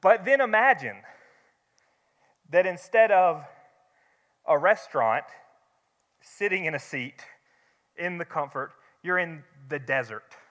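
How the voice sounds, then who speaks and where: A man's voice: a little high, expressive, slow pace, pauses often, a bit bright. A young man teaching a church Bible study in a conversational way, with rhetorical questions and restarts. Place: church hall. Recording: long hall reverb.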